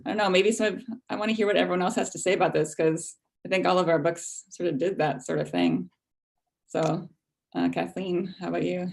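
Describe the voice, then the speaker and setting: A woman's voice: lowish voice, steady tone, a little fast, gravelly, darkish tone. A woman author on a book panel, talking casually with many fillers and handing the turn to the next speaker. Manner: casual, fillers like "like" and "you know". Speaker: graphic novel author on a panel. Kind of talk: panel discussion.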